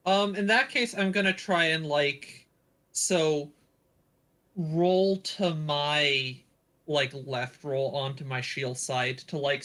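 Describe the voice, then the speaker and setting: A man's voice: on the high side, bright, forceful tone. A man playing a tabletop role-playing game, describing his character's actions in a loose, rambling way full of "like" and "you know". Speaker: player. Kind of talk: casual tabletop play.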